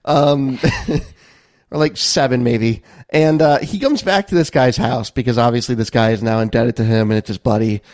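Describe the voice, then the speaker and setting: A man's voice: mid-range voice, normal speed, darkish tone, no room sound, clean studio sound. A man co-hosting a casual movie review podcast, wry and rambling, laughing at the film's flaws. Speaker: podcast co-host.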